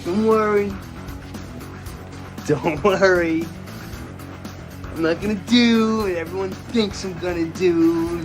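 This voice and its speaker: A woman playing an agitated character who insists on staying calm while she is about to snap, in a clip played over music. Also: fairly low pitch, takes it slowly, pauses often.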